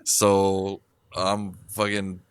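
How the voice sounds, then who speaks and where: A man's voice: sits low, monotone, drawn-out words, a little hiss or hum. A man co-hosting a podcast, chatting in a laid-back, profane way with lots of filler words. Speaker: podcast co-host. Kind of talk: casual chat.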